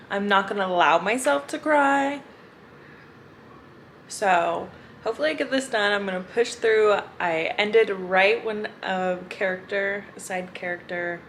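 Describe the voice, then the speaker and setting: A woman's voice: mid-range voice, a bit bright, a little hiss or hum. A young woman chatting casually in a book reading vlog, gushing and emotional, laughing often. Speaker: book vlogger.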